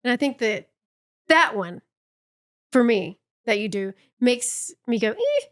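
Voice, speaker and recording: A woman from the American South co-hosting a podcast in casual chat. She talks frankly, pushes back with questions and adds quick agreeing remarks. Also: on the high side. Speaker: podcast co-host.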